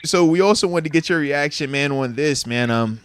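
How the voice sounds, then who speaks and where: A man co-hosting a casual podcast, talking in an energetic, joking, slangy way. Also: a little high, brisk, smooth. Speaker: co-host.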